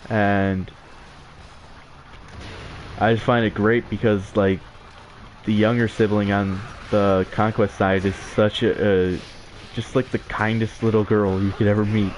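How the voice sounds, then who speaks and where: A man's voice: on the low side, level tone, unhurried, long pauses, slight background noise. A young man giving casual, rambling commentary over his gameplay, with frequent filler words and chuckles. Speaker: let's play gamer.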